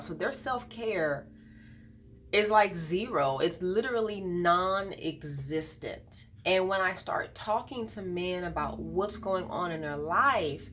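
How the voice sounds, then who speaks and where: A woman who works as an iridologist and colon hydrotherapist, talking earnestly to camera about wellness and often pausing with "um". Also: medium pitch, expressive, fairly bright tone, slight background noise. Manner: earnest, thoughtful, pauses with frequent ums. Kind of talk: heartfelt talk to camera.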